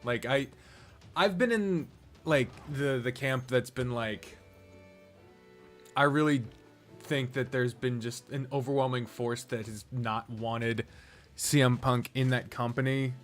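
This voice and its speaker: A man's voice: mid-range voice, takes it slowly, faint music behind. A man streaming a strategy game, chatting casually, swearing freely and rambling from topic to topic. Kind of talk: casual live-stream commentary while gaming.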